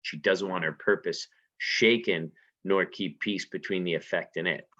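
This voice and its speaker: A man's voice: low-pitched, fairly even intonation, normal speed, bright, forceful tone. A man teaching literature in a conversational lecture, often asking rhetorical questions and adding "right?" as he explains. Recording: dull lo-fi recording.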